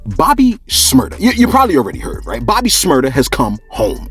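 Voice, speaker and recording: Male gossip host, slangy and animated, chuckling, with a wildly swinging pitch. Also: brisk, faint music behind. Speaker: entertainment news host. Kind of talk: celebrity gossip commentary.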